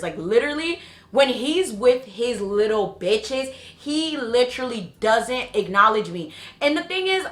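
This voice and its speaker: A woman in her late twenties from the United States telling a story on her vlog, blunt and profane, swinging between earnest warnings and animated outbursts. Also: fairly high pitch. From Haitian American, United States. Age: 20s. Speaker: vlogger. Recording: roomy echo.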